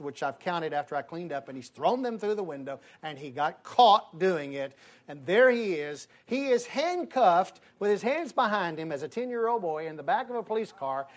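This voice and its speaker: A man telling a personal story to an audience, acting out the people in it. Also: fairly high pitch. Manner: animated, acts out the people in his story.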